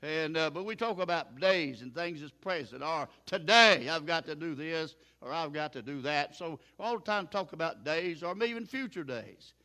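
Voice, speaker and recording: A man's voice: on the high side, expressive, normal speed, hardly any pauses, fairly bright tone. An older man preaching a sermon in a folksy, plain-spoken way, chuckling now and then.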